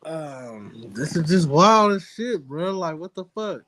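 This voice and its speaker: A man's voice: on the high side, big pitch swings, slow pace, fairly bright tone. A man co-hosting a casual reaction show, commenting in a slangy, laid-back way. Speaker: co-host.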